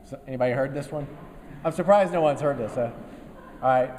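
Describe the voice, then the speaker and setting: A man in his fifties, an army general, giving a relaxed after-lunch speech to a business group, telling folksy stories with dry humor and many fillers. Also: medium pitch, brisk, slight background noise. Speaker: guest speaker, army general. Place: meeting room before a live audience. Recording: long reverb of a meeting hall.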